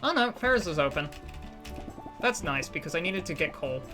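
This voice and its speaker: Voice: mid-range voice, sing-song, normal speed, music in the background. A streamer chatting casually and rambling while playing a game, self-deprecating and often restarting sentences. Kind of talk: casual live-stream chat while gaming.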